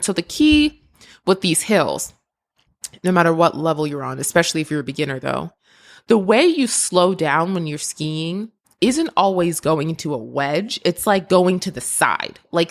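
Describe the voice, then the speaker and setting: A woman hosting a podcast, telling a personal story in a casual, emotional way, with frequent laughs and restarts. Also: lowish voice. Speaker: podcast host.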